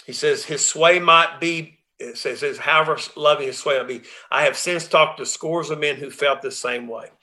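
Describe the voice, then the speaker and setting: A man's voice: a little high, normal speed, hardly any pauses, pushed and bright. A man leading a reading group, reading passages aloud and then explaining them in an emphatic, conversational way. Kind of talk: reading aloud and commenting on a text.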